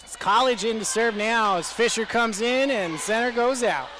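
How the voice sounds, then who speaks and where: A man's voice: very high-pitched, normal speed, a little hiss or hum. A man calling a college volleyball match in a casual, jokey, rambling way. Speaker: play-by-play commentator. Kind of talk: casual sports commentary.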